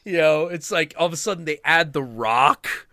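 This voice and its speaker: A man's voice: fairly high pitch, moderate pace, no room sound, clean studio sound. A man hosting a stream, telling a story in casual chat with lots of swearing, laughter and acted-out quotes. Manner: animated, profane, laughing storyteller. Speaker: stream host.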